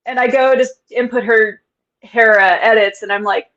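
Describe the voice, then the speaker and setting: A woman's voice: on the high side, steady tone, moderate pace, a bit bright. A woman author in a casual interview, talking candidly and often laughing. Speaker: author guest. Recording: dull lo-fi sound.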